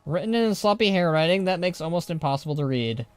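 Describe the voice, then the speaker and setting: A man's voice: a little high, animated, fast talker, hardly any pauses, clear, resonant tone, no echo. A man streaming a game live, reading the text aloud with chatty, joking commentary.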